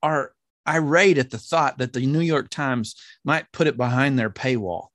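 A man's voice: mid-range voice, moderate pace, a bit bright, no echo, studio quality. A man who is a pastor, talking in a casual podcast chat with a thoughtful, hesitant manner.

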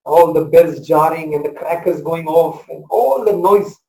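High-voiced pastor in his forties. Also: unhurried, roomy sound, rough recording. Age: 40s. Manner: passionate, swings between loud proclamation and soft hush. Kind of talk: sermon.

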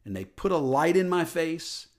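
A man giving a personal testimony into a microphone, telling a story earnestly and dropping soft and low at emotional moments. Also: very animated, normal speed. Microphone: studio microphone.

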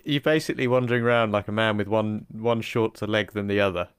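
A man's voice: lowish voice, fairly even intonation, quick pace, clean tone, no room sound, studio quality. A man co-hosting a casual podcast, easygoing and rambling, laughing often. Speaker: podcast co-host.

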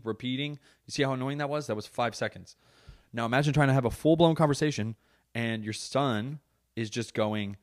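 Man, thirties, podcast host, rambling profane rant, middle pitch, loose joking delivery. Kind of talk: casual rant. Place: podcast studio.

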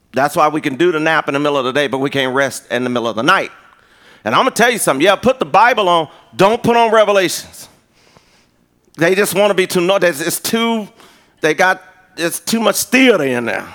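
A man preaching a sermon in a lively, conversational way, mixing in humor. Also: on the high side. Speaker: pastor.

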